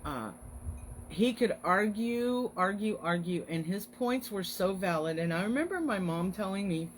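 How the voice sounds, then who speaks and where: A woman's voice: mid-range voice, animated, a little slow, slight background noise, low-quality recording. A woman hosting a casual livestream, talking in an earnest, encouraging way. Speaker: host.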